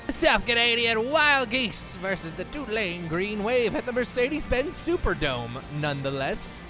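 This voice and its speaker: A young man with a high voice narrates a football video game in loose, joking play-by-play. He jumps into quick excited outbursts, and his voice cracks here and there. Faint game music plays underneath. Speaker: gaming YouTuber.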